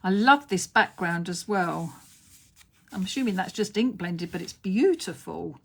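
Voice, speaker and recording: A woman's voice: on the low side, expressive, unhurried, creaky, slightly rough. British lady going on about cards on a live stream, middle-aged, gushy, easy chatty talk. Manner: effusive, gushing with praise. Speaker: craft designer hosting a live stream. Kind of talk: casual live stream chat showing cards.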